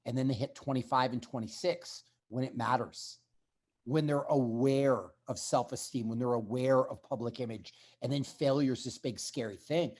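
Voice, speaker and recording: Man, husky, blunt and emphatic, podcast guest talking. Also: mid-range voice, steady tone, normal speed, darkish tone. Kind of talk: conversational interview storytelling.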